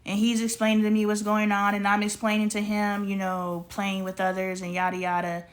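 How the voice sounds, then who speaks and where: A woman talks straight to her audience in a casual storytime monologue. She is an animated storyteller who acts out both sides of a conversation and drifts into spiritual, preachy asides. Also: mid-range voice, fairly quick. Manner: animated storyteller acting out dialogue. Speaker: vlogger.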